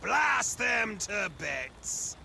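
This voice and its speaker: A man's voice: sits high, very animated, drawn-out words, gravelly, shouting, a loud crowd, exaggerated voice. An actor playing a blunt, rustic male blacksmith in a video game, with a Bristol accent. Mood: gruff.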